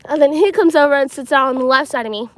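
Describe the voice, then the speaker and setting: A woman's voice: sits high, quick pace, a little hiss or hum, rough recording. Chatty teen girl livestreaming outdoors. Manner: chatty, rambling, full of "like" and "um". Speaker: livestreaming vlogger. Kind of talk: casual storytelling livestream. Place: outdoors at a school field and playground. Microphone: handheld phone.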